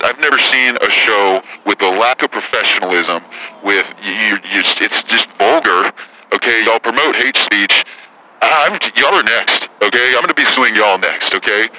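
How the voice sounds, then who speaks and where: A man's voice: lowish voice, bright, forceful tone, poor audio. A man doing a crude, hot-tempered celebrity woman caller. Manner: profane, combative, rambling. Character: brash foul-mouthed celebrity woman caller. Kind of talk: prank call impression.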